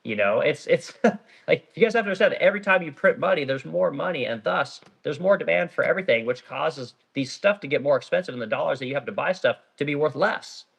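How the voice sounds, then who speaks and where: A man's voice: a little high, expressive, fast, gravelly, fairly bright tone, husky. A middle-aged man who owns a small business, ranting bluntly and profanely on a casual livestream while reading out viewer comments. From Oregon. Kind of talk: casual live-stream rant reading comments.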